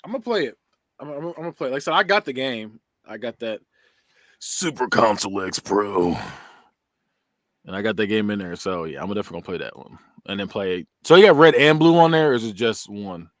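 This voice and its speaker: A man hosting a casual gaming podcast, animated and quick to laugh. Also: on the low side, no room sound, studio quality. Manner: animated, laughs often, drawn-out talk. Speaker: podcast host.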